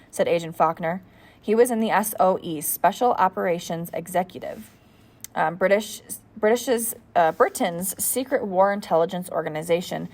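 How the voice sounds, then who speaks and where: A woman's voice: fairly low pitch, a little mellow. A woman reading a novel aloud as an audiobook, in a plain reading manner with the odd slip and restart. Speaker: audiobook reader. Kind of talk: read-aloud narration of a novel.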